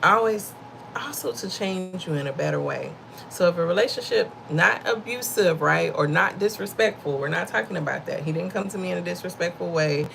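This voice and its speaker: Low gravelly woman giving a faith talk. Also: a little fast, fairly bright tone, a little hiss or hum, rough recording. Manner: conversational and preachy, addresses listeners as y'all; laughs often while talking. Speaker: livestream host giving faith-based encouragement. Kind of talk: casual faith talk to viewers.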